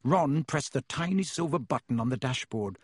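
A man reading a storybook aloud in a measured, vivid narration. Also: medium pitch, expressive, darkish tone, husky, dry recording, clean studio sound. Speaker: audiobook narrator.

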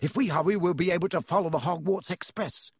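A man voicing an excitable young teen wizard boy who talks in eager, urgent bursts. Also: high-pitched, fast, slightly rough, no room sound, studio quality, exaggerated voice. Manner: eager, urgent, breathless chatter.

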